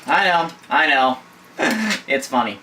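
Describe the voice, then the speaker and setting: Goofy guy cooking and telling corny jokes, kinda high voice, faint dish noise. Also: very animated, takes it slowly. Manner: rambling, goofy, joke-telling. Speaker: home cooking host. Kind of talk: casual cooking demo with jokes. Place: home kitchen. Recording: voice from a distance, faint kitchen noise.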